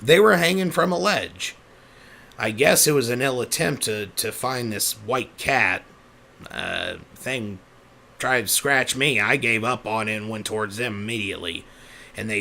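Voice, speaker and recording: A man voicing a rough, uneducated, big-hearted young male pegasus, telling his own backstory in a rambling, self-correcting, easily flustered way. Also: fairly low pitch, unhurried, bright, forceful tone, heavily acted. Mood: earnest. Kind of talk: in-character storytelling.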